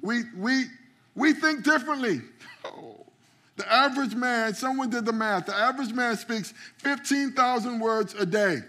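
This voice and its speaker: A man's voice: extremely high pitch, moderate pace, pushed and bright. A man preaching a sermon as pastor, calling out to the congregation and often repeating words as he starts a phrase. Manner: preaching with call-outs to the congregation. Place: church sanctuary.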